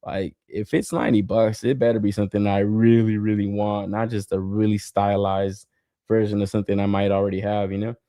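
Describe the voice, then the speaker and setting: Brisk and level-toned, a man with a fairly low, dark voice hosts a podcast, reading live comments in a rambling, foul-mouthed chat packed with fillers and laughs. Dry recording, clean studio sound.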